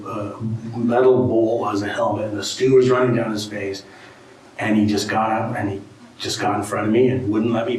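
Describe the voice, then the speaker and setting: A middle-aged man, a guest speaker, telling an anecdote to an audience in a casual, animated way, with frequent "you know" and "right?". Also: mid-range voice. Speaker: guest speaker, tribal art collector. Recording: very echoey room, distant mic, faint ambience.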